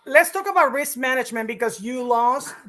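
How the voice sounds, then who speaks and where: A woman's voice: high voice, lively intonation, fairly quick, sharp tone. A woman hosting a casual interview, asking long questions and affirming her guest often. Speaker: host.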